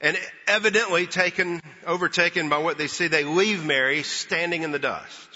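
A man preaching in a church, his voice very bright and forceful, a touch higher than most. He tells the story earnestly and leans on pauses. The recording is dull and lo-fi, with a long hall reverb. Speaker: pastor. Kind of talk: Easter sermon. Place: church sanctuary.

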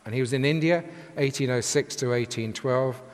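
An older man from England preaching a sermon from the pulpit with a lively, emphatic cadence. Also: medium pitch, normal speed. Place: large church with long reverb. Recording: echoey church hall.

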